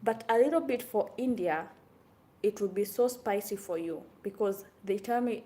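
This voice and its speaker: A young woman from Kenya chatting to camera in a casual vlog, animated and exclaiming often. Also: mid-range voice, moderate pace. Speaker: vlogger.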